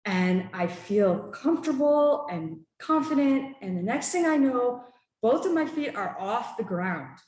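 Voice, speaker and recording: A woman telling a personal story at a church gathering, animated and laughing, acting out what people said. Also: a little high, a little slow. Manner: animated, laughing, with acted-out quotes. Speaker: church member sharing a story. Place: church hall. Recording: echoey church hall.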